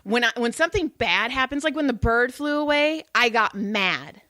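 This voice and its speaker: A woman's voice: on the high side, lively intonation, normal speed, pushed and bright, no echo. A woman co-hosting a casual podcast, chatty and playful, often laughing. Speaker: podcast co-host. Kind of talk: casual chat.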